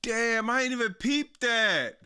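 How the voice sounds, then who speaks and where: High, bright-voiced man reacting casually. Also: animated, unhurried, clear, resonant tone. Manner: slangy, laughs often, talks to chat. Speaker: streamer reacting to wrestling clips.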